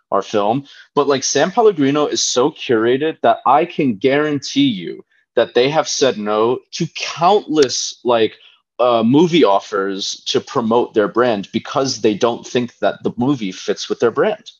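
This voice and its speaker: A man as a podcast guest, giving rambling, hedging opinions in casual chat. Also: medium pitch. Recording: dull lo-fi podcast audio.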